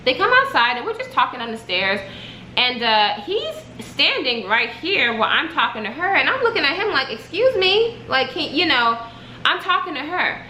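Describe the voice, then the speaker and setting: Young woman vlogger, high lively voice, dramatic storyteller, roomy echo. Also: moderate pace, a little hiss or hum. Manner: animated, dramatic retelling. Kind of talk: casual storytime.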